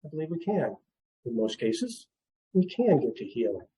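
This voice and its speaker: A middle-aged man counseling on grief in a seminar talk, gentle and repetitive, with frequent light chuckles. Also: fairly high pitch, very animated, normal speed, poor audio. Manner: gentle, repeats words, chuckles often.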